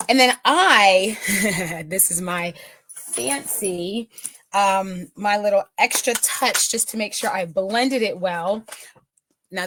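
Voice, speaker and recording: A woman's voice: medium pitch, fairly bright tone, slight background noise. A middle-aged woman giving a casual makeup tutorial, chatting with viewers and often checking in with them. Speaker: makeup consultant.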